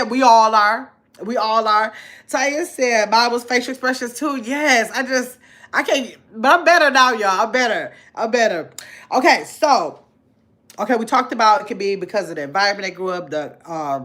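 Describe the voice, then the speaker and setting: A middle-aged woman casually hosting a livestream, reading viewers' comments aloud and chatting back with lively jumps in her voice. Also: mid-range voice. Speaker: livestream host reading chat.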